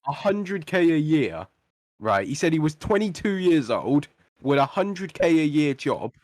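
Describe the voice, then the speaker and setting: A man's voice: a little high, very animated, unhurried, darkish tone, dry recording, clean studio sound. A young man co-hosting a podcast, telling the story with energy, swearing and mimicking the people in it. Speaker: podcast co-host. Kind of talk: casual chat.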